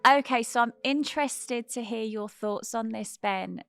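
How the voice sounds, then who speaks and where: A woman co-hosting a casual current-affairs chat, lively and frank. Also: on the high side, unhurried, creaky, clean tone, soft background music. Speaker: co-host.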